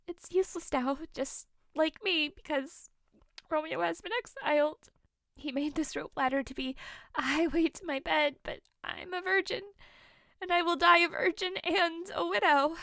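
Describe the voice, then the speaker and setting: Juliet, played by a woman: a high, bright, anguished young girl in grief, close dry audio-drama mic. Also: gravelly, no echo, heavily acted. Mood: mournful. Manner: anguished, slow mournful delivery. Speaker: actor playing Juliet.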